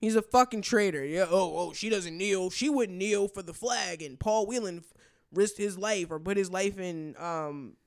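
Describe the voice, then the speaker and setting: A man co-hosting a podcast in casual chat, animated and profane, laughing often. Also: high voice, moderate pace, clear, resonant tone. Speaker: podcast co-host.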